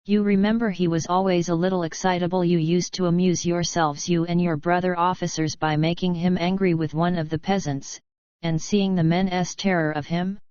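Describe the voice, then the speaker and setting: A desperate aristocratic mother pleads in a strained, unsteady voice, read by a woman. Her tone is lowish and smooth. The recording is dull and dry. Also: fairly even intonation, moderate pace, a little mellow, no echo, close to an everyday voice. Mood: appealing. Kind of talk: audiobook narration.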